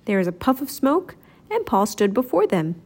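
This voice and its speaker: A woman's voice: high-pitched, sing-song, moderate pace. A woman reading a children's storybook aloud, narrating expressively. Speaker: storybook reader.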